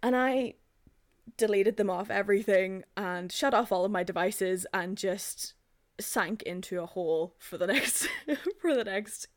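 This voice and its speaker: Animated young woman telling a story. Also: measured pace, no echo, clean studio sound. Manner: animated storyteller, acts out quotes in high voices, laughs often. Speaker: podcast co-host. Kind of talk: casual storytelling chat.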